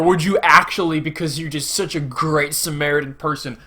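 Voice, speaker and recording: A young man giving a casual, sarcastic movie review, acting out quotes in sudden shouts. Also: fairly high pitch, little pitch movement, normal speed, hardly any pauses.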